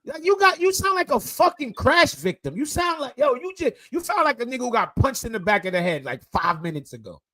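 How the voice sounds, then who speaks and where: High, animated mocking American man. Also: a little fast, few pauses, no echo. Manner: loud, mocking, animated trash talk. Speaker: panelist. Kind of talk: heated online panel debate.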